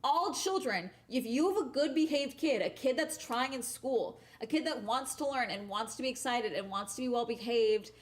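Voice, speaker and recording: A woman's voice: fairly high pitch, animated, moderate pace, hardly any pauses. A young woman telling a work story in a casual vlog rant, swearing constantly and often ending sentences with "okay?". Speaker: vlogger.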